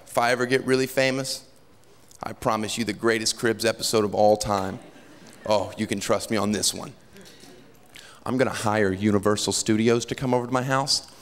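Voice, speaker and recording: A male stand-up comedian performing before a live audience, telling animated, sarcastic stories. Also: medium pitch. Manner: animated storytelling, wry and sarcastic. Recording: echoey hall with audience crowd noise.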